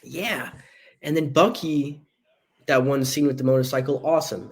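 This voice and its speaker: A man co-hosting a casual movie podcast, bantering playfully with boastful jokes and quick asides. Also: mid-range voice, fairly even intonation, slightly rough. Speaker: podcast co-host.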